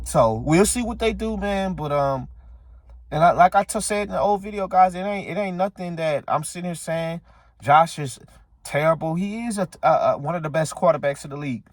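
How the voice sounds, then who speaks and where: A man's voice: on the high side, normal speed, no echo, clean studio sound. A man hosting a sports channel, ranting casually and heatedly at his viewers, repeating his points. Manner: heated, repetitive, talks straight to viewers. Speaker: sports commentary channel host. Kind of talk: casual sports opinion rant.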